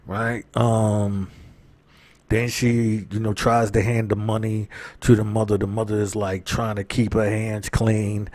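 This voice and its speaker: Man, slow unhurried talk, lowish voice, dry close sound, casual show recap, rambling with lots of "right?". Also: little pitch movement, darkish tone, dry recording. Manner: rambling, keeps asking "right?" and "you know"; reads out characters' lines in his own voice. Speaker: show commentator.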